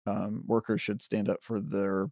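A man's voice: on the low side, level tone, measured pace, gravelly, mellow, dry recording. A man co-hosting a games podcast, chatting casually in an opinionated, joking way, with some fillers and restarts. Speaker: podcast co-host. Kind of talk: casual chat.

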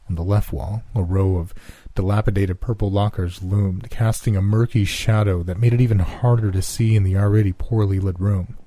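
A man narrating a scripted horror story in a measured, hushed storytelling manner on a close mic. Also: deep voice, dry recording.

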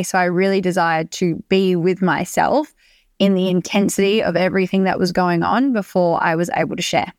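Young aussie woman doing a solo podcast, loud and emphatic, swears a lot, dry close sound. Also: medium pitch, no room sound. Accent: Australian. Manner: energetic, emphatic, swears freely. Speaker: podcast host. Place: beach hut.

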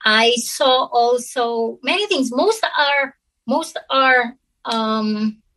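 A woman from the Philippines, telling a personal story to an interviewer in a halting, earnest way with many pauses and restarts. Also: a little high, pushed and bright, rough recording. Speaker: interview guest.

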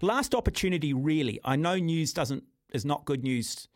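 A New Zealand-accented talkback radio host speaks at normal speed in a fairly high, lively voice, with clean studio sound and no room echo. He's blunt and combative with callers, frequently addressing them as "mate" while he airs his opinions.

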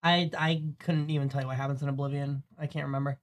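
A young man in his twenties co-hosts a relaxed podcast with a mid-range pitch. He banters with emphasis, swears freely and pushes his opinions hard. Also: fast. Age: 20s. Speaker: podcast co-host. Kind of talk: casual chat.

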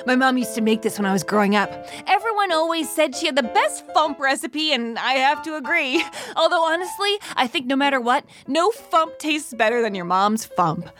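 A woman's voice: high-pitched, moderate pace, faint music behind. A woman playing a cheerful alien chef in a children's audio comedy, talking in a bubbly, theatrical way. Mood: cheery. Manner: bubbly, animated, playfully theatrical.

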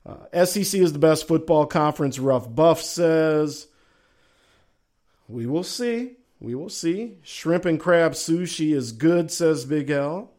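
Folksy Southern-accented sports talk host. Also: male voice, a little high, slow pace, darkish tone. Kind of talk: casual sports talk show, reading the chat.

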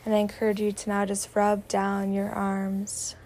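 A woman guiding a meditation, speaking slowly and softly, often slipping into a whisper. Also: mid-range voice, completely flat delivery, a little hiss or hum. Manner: slow, soft-spoken, drifting into whispers; warm spiritual affirmations. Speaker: meditation guide. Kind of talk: guided meditation.

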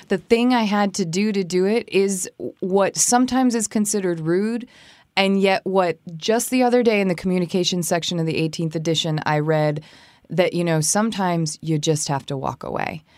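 A woman's voice: clean tone, no room sound, clean studio sound. A woman co-hosting a podcast, casually telling a personal story and acting out what people said. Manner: animated, acts out quoted speech in a higher voice. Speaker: podcast co-host giving etiquette advice.

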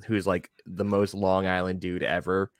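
Low-voiced man, laid-back podcast host. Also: flat delivery, normal speed, no room sound, studio quality. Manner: laid-back storyteller with fillers. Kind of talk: casual podcast chat.

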